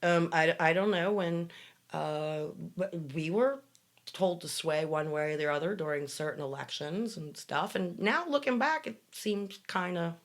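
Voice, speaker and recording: A woman's voice: lowish voice, unhurried. A woman hosting a casual podcast, reading excerpts aloud with wry, sarcastic asides. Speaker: podcast host.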